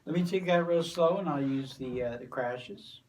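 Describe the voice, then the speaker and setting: A man giving a drum lesson, explaining crash patterns step by step in a relaxed way with plenty of fillers. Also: fairly high pitch, moderate pace, loud music behind the voice. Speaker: drum teacher. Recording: voice from a distance from the mic. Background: drum kit and cymbals.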